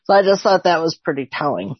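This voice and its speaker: Woman, group participant, casual delivery, husky tone, dry low-fi recording. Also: big pitch swings, fast, dry recording. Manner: casual and conversational, with fillers. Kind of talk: Bible study discussion. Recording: dry, dull lo-fi audio.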